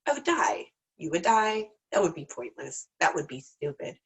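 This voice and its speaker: A woman's voice: lowish voice, big pitch swings, moderate pace, pitched below the performer's own voice. A woman voicing a jittery, panicky male scorpion who talks like a laid-back dude in a spoken fable. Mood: pleading.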